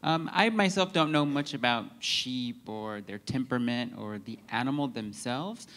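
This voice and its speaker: Man asking a quick audience question. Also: medium pitch, a bit bright.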